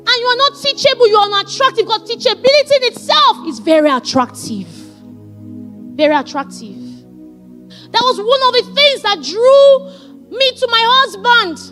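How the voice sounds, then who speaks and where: A woman pastor preaching a sermon, animated and emphatic as she tells stories. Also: extremely high pitch.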